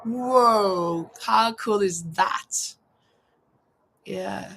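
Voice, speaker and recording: Crocheting live on a terrace, a woman from Norway chats easily, voices viewer comments and muses aloud while working. She has an animated mid-range voice, takes it slowly with frequent pauses, and the rough audio carries a little hiss or hum.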